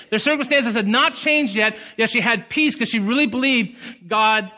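Bright-voiced preaching man in reverberant hall. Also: very high-pitched, moderate pace. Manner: passionate preaching, surges to shouts. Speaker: pastor. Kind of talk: sermon.

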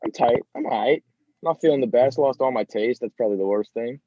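A man's voice: medium pitch, a little fast, mellow. A man co-hosting a podcast while sick, his voice stuffy, joking around in casual chat. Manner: jokey, wry. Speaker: podcast co-host. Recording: dull, dry mic.

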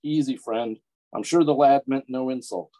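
A man voicing a smiling middle-aged stranger who speaks in a gentle, soothing, melodic way in a storybook reading. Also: medium pitch, moderate pace, natural voice.

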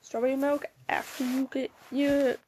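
A teenage girl talks straight to her audience in a high voice, rambling from one tangent to the next. She swears freely and giggles through her stories, speaking with a mouth still numb from dental work. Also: flat delivery, normal speed, a little mellow, slight background noise. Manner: rambling, profane, giggly storytelling. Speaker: vlogger. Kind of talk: casual chat.

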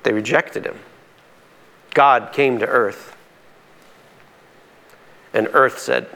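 A pastor preaching a sermon in a conversational, emphatic way, his voice climbing high on key points. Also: fairly even intonation, drawn-out words, creaky, pauses often, sharp tone.

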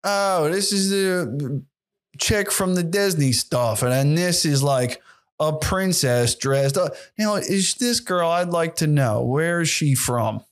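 Young male podcaster, solo monologue, slightly high voice, sarcastic and profane. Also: animated, takes it slowly. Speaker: podcast host.

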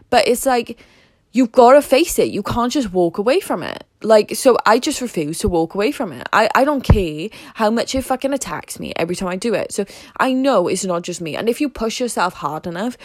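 A woman's voice: mid-range voice, dry recording. A woman vlogging in a casual, fired-up monologue about a fitness challenge, swearing heavily and speaking with intense emphasis.

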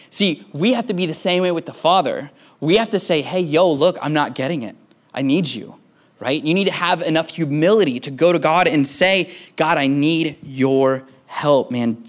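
A young male pastor giving a laid-back, conversational sermon to a youth crowd. His voice sits a little high for a man, and he keeps checking in with the room by tagging his points with "right?" and "man.". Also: fairly bright tone. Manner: casual, peppered with "right?" and "man".

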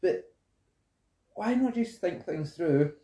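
A man's voice: high-pitched, lively intonation, slow pace, mellow. A Scottish man chatting casually and bluntly about a film, giving his opinions on the characters. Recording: roomy echo.

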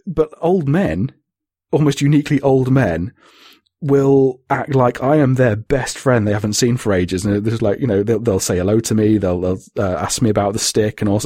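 A man with a husky voice, chatting casually on a podcast in a rambling, sweary way. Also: mid-range voice, darkish tone, dry recording, clean studio sound. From Britain. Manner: rambling, sweary, laughs often. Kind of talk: casual chat.

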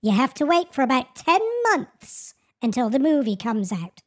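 A woman's voice: high-pitched, animated, moderate pace, voice pushed up. A woman voicing a sassy female AI chatbot with a put-on English accent, prim, stubborn and condescending. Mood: insistent.

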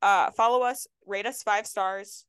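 A woman's voice: mid-range voice, fairly even intonation, measured pace, a bit bright, clean tone, no room sound, studio quality. A woman co-hosting a podcast in casual chat, playful and joking, who also reads the show plugs. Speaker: podcast co-host.

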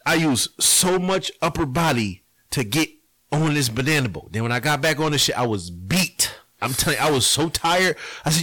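A man's voice: on the high side, lively intonation, normal speed, sharp tone, no room sound. A man telling a story in casual chat, full of slang, acting out his own reactions.

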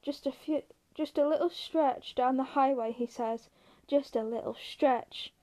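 A woman voicing a small, wiry, irritable man who scolds and curses sharply, with a high, mellow voice. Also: steady tone, a little slow. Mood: exasperated.

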